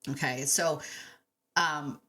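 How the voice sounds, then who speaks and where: Bright-voiced woman rambling about her dog on a podcast, lots of likes and ums, animated. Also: deep voice, slow pace, husky. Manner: chatty, animated storytelling with frequent laughs and fillers. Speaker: dog training podcast host. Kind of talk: casual podcast monologue.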